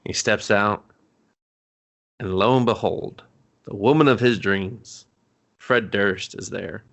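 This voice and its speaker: A man's voice: on the low side, takes it slowly, vocal fry, fairly bright tone. A man co-hosting a casual movie review podcast, rambling and riffing on crude jokes. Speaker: podcast co-host.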